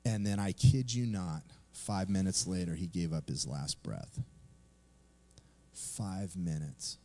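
A man's voice: low-pitched, takes it slowly, warm tone. A man preaching a sermon, telling a personal story in a conversational way and then reading scripture aloud. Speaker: pastor.

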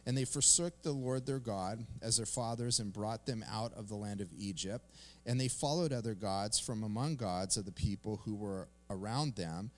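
A middle-aged man delivers a sermon in a relaxed, conversational pastor's voice. His pitch sits in an ordinary middle range. He mixes slang and quick storytelling into his teaching. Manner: casual, animated storytelling with slang.

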